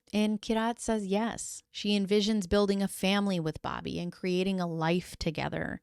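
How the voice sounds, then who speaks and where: A woman's voice: lowish voice, clean tone, no room sound, studio quality. A woman recapping a true-crime story in a casual, chatty way, with dramatic flair and playful asides. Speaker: YouTube commentator.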